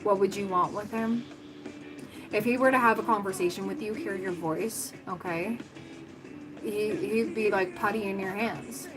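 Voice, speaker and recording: A woman's voice: mid-range voice, fairly even intonation, moderate pace, poor audio. A woman giving a livestream tarot reading, talking casually and thinking aloud with lots of fillers. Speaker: tarot reader. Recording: music playing under the voice.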